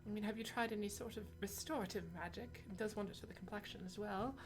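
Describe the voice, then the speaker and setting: A woman doing shopkeeper woman, brisk, businesslike, dry teasing, middle pitch. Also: music in the background, close to an everyday voice.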